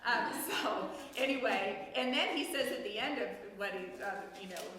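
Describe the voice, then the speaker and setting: A woman's voice: fairly high pitch, moderate pace, recorded from a distance, a crowd in the background. A woman leading a group Bible study, chatting with laughing asides and quizzing her class as she goes. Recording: echoey hall with long reverb.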